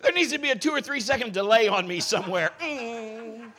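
A middle-aged man preaching a sermon as pastor, telling personal stories in an animated, joking way. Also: sits high, quick pace.

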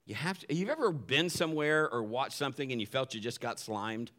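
A middle-aged man preaches in a relaxed, folksy way, weaving family anecdotes into his sermon. His voice sits in an ordinary middle register and jumps high when he reenacts a moment. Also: a little fast. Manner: folksy storytelling with dramatic voice swings. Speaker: pastor.

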